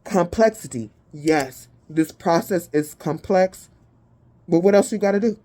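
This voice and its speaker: A woman gives a spiritual tarot reading with a warm, mellow tone. She talks in a blunt, emphatic way and swears freely. She reads out lists of keywords slowly and deliberately. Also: fairly low pitch. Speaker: tarot reader.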